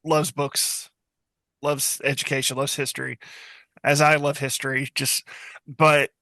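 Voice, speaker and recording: A man's voice: mid-range voice, little pitch movement, unhurried, bright, forceful tone, no room sound. A man in his forties, a podcast co-host, recalling a story in casual chat with dry, teasing humor.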